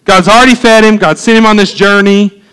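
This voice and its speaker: High-voiced guy preaching a sermon, animated, keeps talking straight to the crowd. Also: fairly quick, smooth, low-quality recording. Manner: animated preaching with conversational asides. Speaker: pastor.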